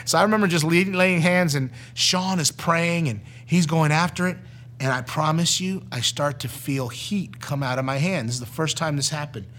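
Animated man telling his testimony. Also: on the high side, normal speed. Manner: animated storytelling, acting out the people he quotes. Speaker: former youth pastor sharing a testimony.

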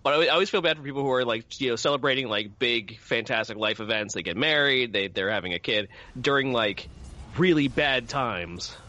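Man, 30s, from New Jersey, casual podcast chat, rambling, bright voice, muffled lo-fi sound. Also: medium pitch, fairly quick, no room sound. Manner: rambling, many fillers and restarts. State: coughing lately. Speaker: podcast co-host. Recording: dull lo-fi recording.

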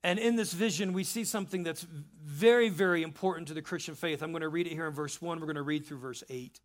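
Animated high-voiced preacher. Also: male voice, fast talker. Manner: animated, conversational preaching with asides. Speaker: pastor. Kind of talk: sermon.

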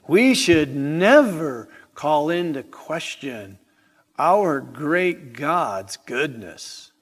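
Slow emphatic preacher man, hall reverb. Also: on the high side, big pitch swings, slightly rough. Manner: slow, emphatic, rhetorical questions. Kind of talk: evening sermon. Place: church sanctuary.

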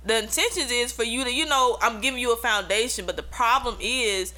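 A woman's voice: on the high side, a little fast, bright, forceful tone, poor audio. A woman in casual podcast chat, explaining her view plainly.

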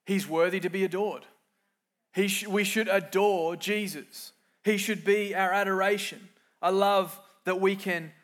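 A high-pitched, middle-aged pastor delivers a sermon that shifts from quiet, reflective lines to loud, emphatic ones. Along the way, he acts out the voices he quotes.

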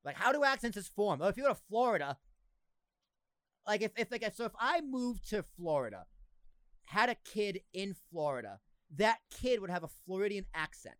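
A man with a Boston accent hosting a casual podcast chat, animated and joking. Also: high-pitched, clean tone, no echo, studio quality. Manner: animated, joking, quick to laugh. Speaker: podcast host.

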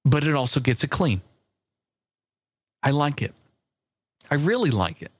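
Male podcast co-host, lively swooping delivery, dry close sound, playful pitchman energy. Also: unhurried, slightly rough, no room sound. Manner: playful, enthusiastic pitching of silly ideas. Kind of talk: casual banter.

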